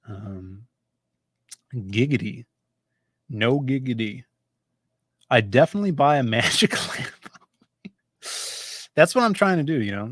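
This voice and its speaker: A man's voice: medium pitch, dry recording, studio quality. A man hosting a comics livestream in casual chat, chatty and jumping from topic to topic. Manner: chatty, jumps between topics.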